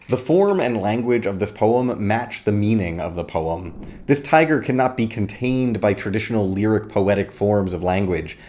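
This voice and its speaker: A man giving a scripted video lecture on poetry, measured and explanatory, reading verse lines slowly. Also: fairly low pitch, a little mellow. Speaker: literature lecturer.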